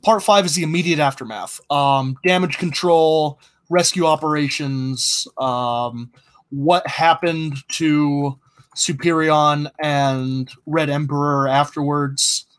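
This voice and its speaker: A man's voice: fairly high pitch, steady tone, takes it slowly. A man in casual brainstorming chat, thinking aloud with many ums and restarts. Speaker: co-host planning a fiction podcast.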